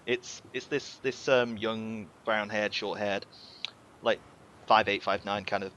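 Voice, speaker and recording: A man's voice: fairly low pitch, steady tone, takes it slowly, fairly bright tone, a little hiss or hum. A man narrating as game master in a tabletop game over a video call, rambling and repeating words as he describes scenes. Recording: dull lo-fi video call audio.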